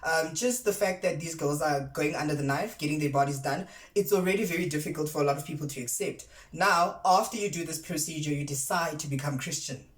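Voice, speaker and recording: A voice in a casual commentary vlog, chatty and sassy, firing rhetorical questions at the audience. The pitch sits mid-range, neither high nor low. The sound carries a roomy echo. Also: a little fast, hardly any pauses. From South Africa. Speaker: commentary vlogger.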